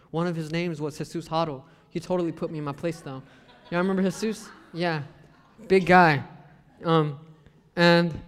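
A young man with a drawl talks through a sermon like a conversation, quoting scripture and dropping joking asides. His voice sits fairly high for a man. It rings out in a hall with long reverb. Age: young adult. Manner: conversational, joking asides, acts out family quotes. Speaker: lay preacher. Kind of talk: casual sermon talk with scripture.

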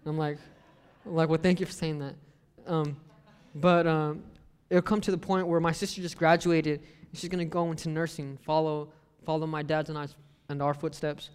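A man's voice: fairly high pitch, flat delivery, normal speed, clear, resonant tone. A young man giving a casual sermon, mixing scripture with joking stories about his family. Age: young adult. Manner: conversational, joking asides, acts out family quotes. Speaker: lay preacher. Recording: long reverb of a hall.

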